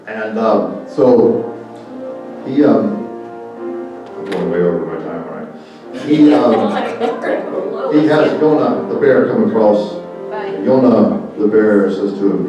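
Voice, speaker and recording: A man's voice: on the low side, a little slow, pauses often, dull audio. A man telling a traditional legend to an audience as a guest speaker, folksy and dramatic, repeating words for effect. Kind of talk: oral storytelling talk. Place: church hall. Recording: echoey hall from far off, music.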